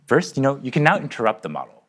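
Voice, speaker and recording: Relaxed presenter, man, animated delivery, conversational. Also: mid-range voice, quick pace, husky. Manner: casual, upbeat, explanatory. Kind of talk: live product demo.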